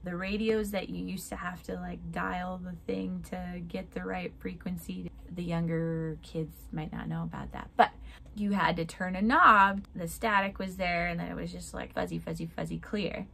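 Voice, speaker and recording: A woman's voice: on the low side, steady tone, moderate pace, creaky, bright, forceful tone, slight background noise. A woman giving a casual devotional talk. She speaks conversationally, says "like" a lot, and acts out prayers in a chirpy voice. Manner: chatty, conversational, often says "like". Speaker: Christian speaker.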